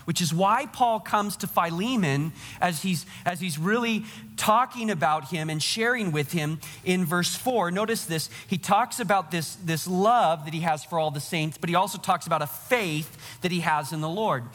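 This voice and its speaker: A man's voice: sits high, normal speed, fairly bright tone, in a large hall. A man preaching a sermon to his congregation, earnest and direct, speaking to them as their pastor.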